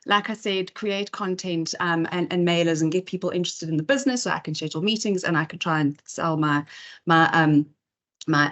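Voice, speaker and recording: A woman speaker giving a chatty talk at an in-person event, full of fillers and asides. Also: lowish voice. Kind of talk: conference talk.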